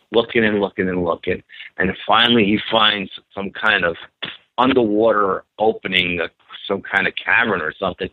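A man excitedly retelling a story from his youth, acting out what people said and repeating himself. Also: lowish voice, no echo. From New York. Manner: animated, repeats himself, acts out quotes. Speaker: guest telling an encounter story. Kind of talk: phone-in storytelling. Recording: tinny phone line.

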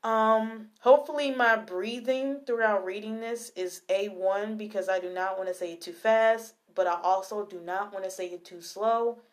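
A young adult woman hosting a podcast in a casual, slangy style, talking straight to her listeners, then reading a poem slowly and softly. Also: mid-range voice. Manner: chatty and slangy, addresses listeners directly. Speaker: podcast host.

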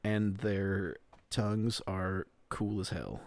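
A young man chatting on a comedy podcast with his friend. He talks slowly and sits a little low in pitch. He is laid-back and happy to play along with a bit. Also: steady tone, darkish tone. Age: young adult. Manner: laid-back, plays along with jokes, laughs often. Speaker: podcast co-host. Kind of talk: casual comedic chat.

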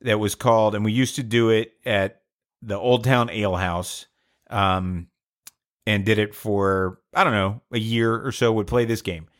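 A man's voice: on the low side, steady tone, unhurried. A man hosting a podcast, telling a long joke in a casual, hesitant, rambling way. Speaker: podcast host.

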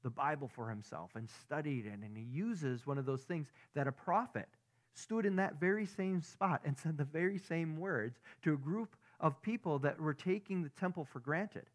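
A man's voice: fairly high pitch, normal speed. A man preaching a sermon in a casual, conversational way, asking his listeners many rhetorical questions. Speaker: pastor.

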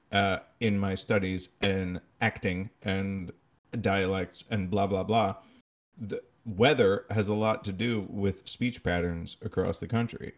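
A man co-hosting a podcast, telling stories in animated, casual chat. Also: low-pitched. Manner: animated, laughing storyteller. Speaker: podcast co-host.

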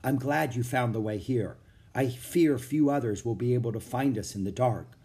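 A man reading a storybook aloud and voicing a calm, dignified older nun who speaks in a measured, solemn way. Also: mid-range voice, lightly acted.

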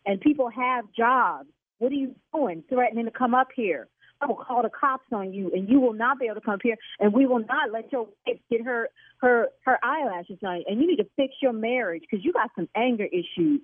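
A woman salon owner, heard over a thin, phone-like line in a dry sound, argues with a caller. She is brash and quick to curse, her voice sitting slightly high. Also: expressive, slightly rough, dry recording. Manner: brash, gets loud and cursing. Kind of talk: heated phone argument. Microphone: telephone.

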